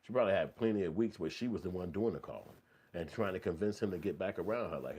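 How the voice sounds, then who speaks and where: A man's voice: sits low, fast talker, mellow, a little hiss or hum. A man giving heated, profanity-laden commentary in a blunt, repetitive rant.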